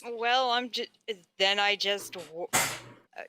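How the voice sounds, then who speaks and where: A woman's voice: medium pitch, takes it slowly, background noise. A woman playing in a tabletop game, speaking casually and hesitantly, with restarts as she thinks. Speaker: player.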